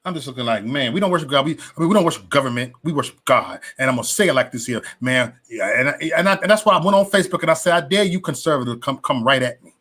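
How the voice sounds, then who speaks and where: A man talking casually about politics and faith, animated and preachy, with many restarts and slangy asides. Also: a little high, husky. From West Side of Chicago. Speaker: political commentator. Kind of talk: casual opinion vlog.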